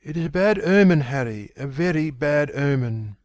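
A man voicing a sensitive, troubled young gentleman who speaks in a pleading, emotional way in an audiobook. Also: high-pitched, animated, unhurried, pitched above the performer's own voice. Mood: distressed.

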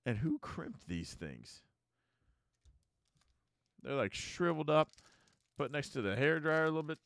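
A man's voice: fairly high pitch, sing-song, unhurried, creaky, a bit bright, clean tone, dry recording. An American man hosting a casual card-opening video, chatting and muttering card names as he opens packs. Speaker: YouTube card-opening host. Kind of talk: casual pack-opening commentary.

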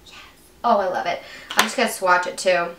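A young woman beauty vlogger talks through an unboxing in a lowish, brisk voice with fairly even intonation, gushing and gasping with breathless excitement. The recording is echoey and distant-miked, with a faint hiss.

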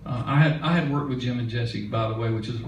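A man's voice: mid-range voice, quick pace, a little hiss or hum. Folksy older man telling a stage story. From Mississippi. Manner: folksy, chatty, laughing now and then. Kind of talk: onstage storytelling. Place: concert hall stage. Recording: echoey concert hall from a distance.

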